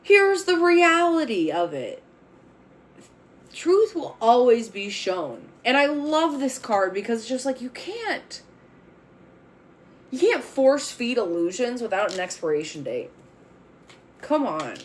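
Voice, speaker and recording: A woman's voice: fairly high pitch, big pitch swings, takes it slowly, long pauses, slight background noise. A woman reading tarot cards on a spiritual vlog, speaking bluntly and with fiery emphasis, swearing freely as she makes bold declarations. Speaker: tarot reader.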